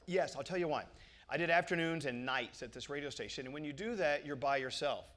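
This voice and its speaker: A radio host, telling stories in an animated, jokey way on stage before a live audience. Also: male voice, on the high side, a little fast. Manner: animated storyteller, jokey and profane. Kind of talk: stage interview.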